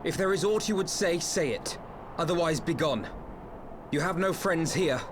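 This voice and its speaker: A man's voice: fairly high pitch, expressive, normal speed, slight background noise, close to an everyday voice. An actor voicing an earnest young male scholar in a game, speaking formally and indignantly. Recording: game cutscene with music.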